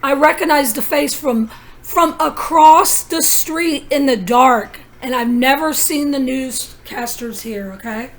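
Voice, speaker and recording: A woman's voice: sits high, takes it slowly. A woman vlogging in a rambling personal monologue, telling her story in an urgent, conspiratorial way with many asides.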